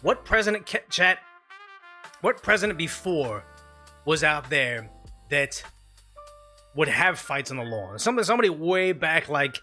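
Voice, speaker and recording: A man's voice: fairly high pitch, sing-song, normal speed, long pauses, pushed and bright, soft background music. A man hosting a live stream, giving emphatic, rambling opinion commentary on clips and often restarting mid-sentence.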